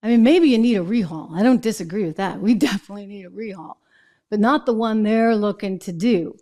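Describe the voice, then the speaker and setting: A woman's voice: mid-range voice, a little fast, dark tone. A woman from New Hampshire hosting a political commentary show, indignant and full of rhetorical questions. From New Hampshire, USA.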